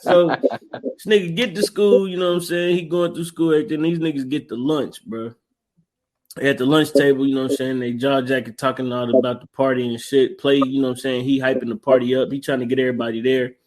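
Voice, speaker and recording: A man's voice: mid-range voice, flat delivery, fairly quick, a little mellow. A man co-hosting a casual movie podcast, animatedly retelling scenes with slangy, laughing storytelling. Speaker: podcast co-host. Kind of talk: casual movie recap chat.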